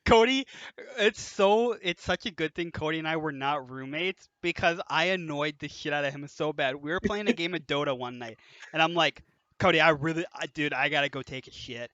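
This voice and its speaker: A young man hosting a casual podcast, telling animated stories, laughing and swearing freely as he talks. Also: on the high side, moderate pace, no echo, dull audio. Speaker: podcast host. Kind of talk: casual storytelling chat.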